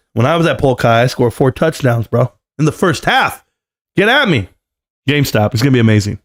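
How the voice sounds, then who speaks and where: Animated joking man streaming live. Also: a little high. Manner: joking, rambling, says "bro" constantly; standing at a desk while talking. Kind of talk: casual live stream chat.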